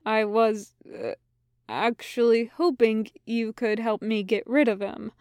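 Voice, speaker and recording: A woman's voice: on the high side, takes it slowly, darkish tone, clear, resonant tone, dry recording, studio quality. A woman voicing a frightened male demon who pleads and stammers earnestly. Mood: pleading.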